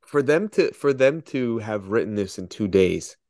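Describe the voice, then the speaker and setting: Easygoing, low-voiced man asking questions. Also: expressive, normal speed, darkish tone, no room sound, clean studio sound. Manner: easygoing, asks probing questions, laughs often. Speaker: podcast co-host. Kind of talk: casual chat.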